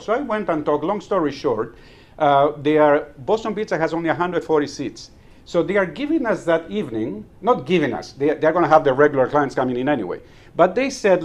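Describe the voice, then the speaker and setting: A man's voice: a little high, expressive, fast. A man giving a humorous speech at a club meeting. He tells stories and chuckles at his own punchlines. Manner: storytelling, chuckles at own jokes, repeats words when restarting. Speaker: Toastmasters club speaker.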